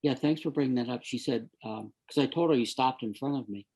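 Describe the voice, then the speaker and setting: A man's voice: mid-range voice, a little fast, darkish tone, breathy edge. A middle-aged man, a guest on an interview show, animatedly telling a story and acting out the voices of the people in it. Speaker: guest sharing a near-death story. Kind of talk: conversational storytelling.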